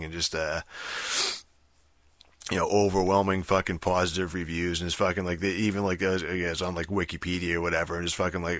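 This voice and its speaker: A man's voice: deep voice, flat delivery, fast talker, fairly bright tone, no echo. A man ranting casually about a TV show, profane and rambling, full of fillers and restarts. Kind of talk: casual rant.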